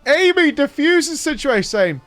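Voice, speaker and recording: Animated, swearing man telling a story. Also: extremely high pitch, normal speed, no echo, faint music behind. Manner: animated, swears a lot, laughs through the story. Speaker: podcast host. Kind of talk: casual storytelling chat.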